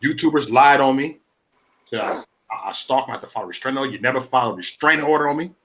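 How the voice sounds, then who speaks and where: Brief: forties male stream host on a profane, combative rant, bright edgy tone. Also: medium pitch, lively intonation, fast talker. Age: 40s. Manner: profane, repetitive, confrontational. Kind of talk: ranting live stream talk.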